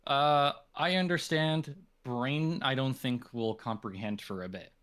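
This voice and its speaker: A man's voice: mid-range voice, unhurried, fairly bright tone, smooth. A man from Canada taking a voice acting lesson, joking and hesitant, self-deprecating. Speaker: voice acting student.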